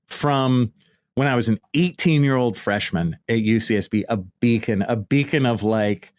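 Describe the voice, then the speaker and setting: A man's voice: medium pitch, darkish tone. A middle-aged American man talks into a podcast mic in a loose, unscripted monologue. His delivery is lighthearted and chatty, and he keeps tossing in "right?" and "you know" while he tells his story. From United States. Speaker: podcast host. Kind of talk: casual reminiscing monologue. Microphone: podcast microphone.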